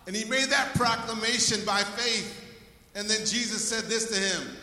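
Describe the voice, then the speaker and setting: Guy pastor preaching, high and bright voice, echoey church hall, mic kinda far off. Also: normal speed. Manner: energetic, calls out to the congregation for praise. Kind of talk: sermon. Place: church sanctuary.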